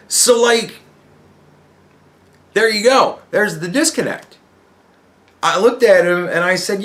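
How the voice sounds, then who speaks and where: A man's voice: high-pitched, unhurried, long pauses, fairly bright tone. A man hosting a podcast who talks in a casual, profane monologue and acts out other people's replies. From United States. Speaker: podcast host.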